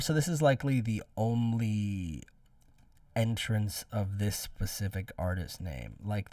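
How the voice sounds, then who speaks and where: A man's voice: medium pitch, a little mellow, no echo, clean studio sound, recorded from a distance. A man reviewing songs in rambling, casual commentary, swearing freely. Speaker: music reviewer streamer.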